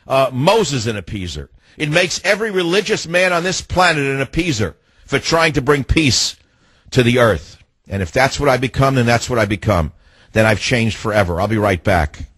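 Husky, scornful talk radio host man. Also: medium pitch, big pitch swings, moderate pace, fairly bright tone, no echo. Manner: ranting, scornful, mocking, cuts callers off. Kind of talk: combative talk radio monologue. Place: radio studio.

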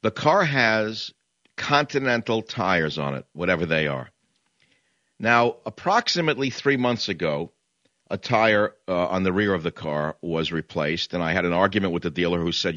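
A man's voice: sits low, expressive, normal speed, fairly bright tone, no echo, lo-fi sound. A man hosting a talk radio show, ranting in a combative, sarcastic monologue.

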